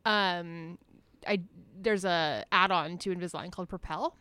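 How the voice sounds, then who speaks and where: A woman's voice: lowish voice, normal speed, sharp tone, clean tone, no room sound. A woman co-hosting a podcast in casual chat, talking with a slight lisp and laughing often. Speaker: podcast co-host.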